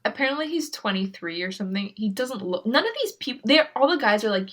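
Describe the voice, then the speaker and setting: A young woman co-hosting a podcast, talking casually with quick asides and lots of filler words. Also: on the high side, expressive, fairly bright tone. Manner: chatty, giggly, quick asides, many "like" fillers. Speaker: podcast co-host. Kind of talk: casual chat.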